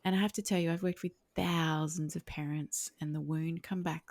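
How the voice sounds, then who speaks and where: A middle-aged woman talks parents through their reactions in an earnest, reflective way. Her voice sits low with a gravelly edge. The sound is close and dry. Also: fairly even intonation, moderate pace, a little mellow, no room sound. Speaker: parenting coach guest. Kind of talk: podcast conversation.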